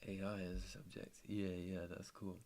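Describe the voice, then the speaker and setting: Young man, low register, easygoing streamer chat full of slang. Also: monotone, normal speed, vocal fry, darkish tone. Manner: laid-back, slangy, swears freely. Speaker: trader streaming his trading. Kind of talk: casual chat.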